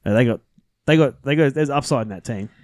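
A man's voice: medium pitch, fast, darkish tone, no room sound, studio quality. A man co-hosting a casual sports podcast, rambling and swearing freely between fillers. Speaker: podcast co-host.

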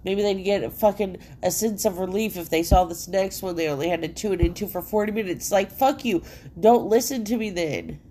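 A woman's voice: medium pitch, a little fast, dark tone. A woman talking alone into her podcast mic at home, her speech loose, swearing and rambling, stuffed up from a blocked nose. Faint ambient noise hangs underneath. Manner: profane, rambling, heavy filler "like". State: congested nose. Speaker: solo podcast host. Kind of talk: casual rambling monologue.

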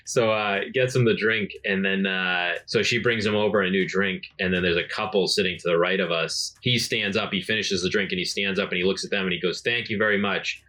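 Brief: bright-voiced male podcast co-host, swearing storyteller, slightly low pitch. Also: fairly quick, few pauses. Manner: profane, animated anecdote-telling with voiced quotes. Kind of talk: casual storytelling chat.

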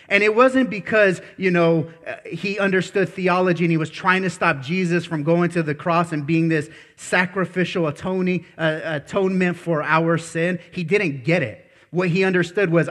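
Man, preacher, sermon, animated and blunt, a bit high voice. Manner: animated, blunt, asks the congregation questions. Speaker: pastor.

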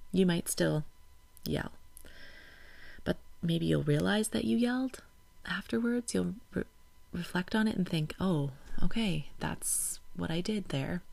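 A woman's voice: on the low side, vocal fry, a little mellow, no echo. A woman in her thirties hosting a parenting podcast, talking reflectively in a casual solo way. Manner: reflective, gets emotional and laughs it off.

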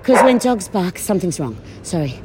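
A woman's voice: on the low side, sing-song, normal speed, heavy background noise. A shaken, anxious woman rambling through a live stream while walking outdoors on a street, talking into a handheld phone. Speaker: livestreamer.

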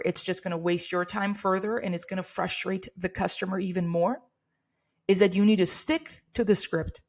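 A middle-aged business owner with a mid-range voice coaches her employees in a workplace training talk. Earnest and steady, she sounds like someone who has handled hundreds of hard calls, and she lightly acts out polite customer-service phrases to demonstrate.

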